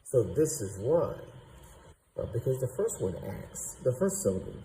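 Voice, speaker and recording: A man teaching a lesson, slowly sounding out syllables and thinking aloud. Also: mid-range voice, big pitch swings, warm tone, a little hiss or hum, poor audio. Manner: slow and deliberate, sounding out syllables; thinking aloud, doubting himself. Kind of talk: explaining at a whiteboard.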